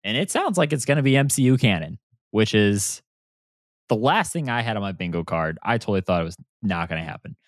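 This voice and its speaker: A man hosting a podcast, talking in an excitable, animated way and swearing freely. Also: fairly low pitch, a little fast, dry recording, clean studio sound. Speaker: podcast host. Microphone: remote recording setup.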